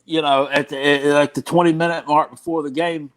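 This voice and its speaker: Halting, excitable middle-aged man. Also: on the high side. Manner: halting, many restarts, excitable outbursts. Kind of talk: casual sports chat.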